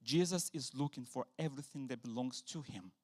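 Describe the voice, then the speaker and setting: A man preaching a sermon in a church, animated, acting out quotes with sudden loud bursts. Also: medium pitch, brisk. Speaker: pastor.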